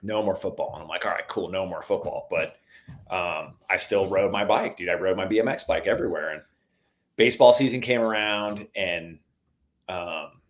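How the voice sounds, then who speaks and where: A middle-aged man telling stories in a relaxed conversation, calling the listener "dude" a lot and getting animated at the exciting parts. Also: sits low, normal speed. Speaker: podcast guest. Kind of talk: casual storytelling chat.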